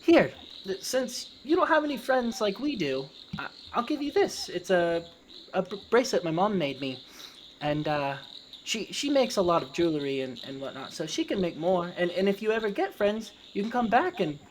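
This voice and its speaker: An earnest little boy put on by a man, pitched high and stumbling over his words as he offers a gift. A tabletop game voice with faint insects behind. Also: sing-song, moderate pace, a little hiss or hum. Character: kind young boy, friendly and innocent.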